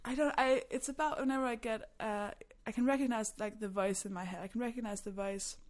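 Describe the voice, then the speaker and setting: A woman's voice: fairly high pitch, fairly even intonation, fast. Candid woman comedian, laughing. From Denmark. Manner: candid, self-deprecating storyteller who laughs often. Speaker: stand-up comedian guest. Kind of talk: casual podcast chat.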